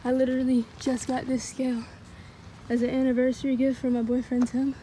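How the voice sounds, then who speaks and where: A tired woman with a cracking voice, rambling excitedly in a casual outdoor fishing vlog by a pond, recorded on a handheld camera. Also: sits high, brisk, a little hiss or hum, rough recording. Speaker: fishing vlogger. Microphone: handheld phone or action camera.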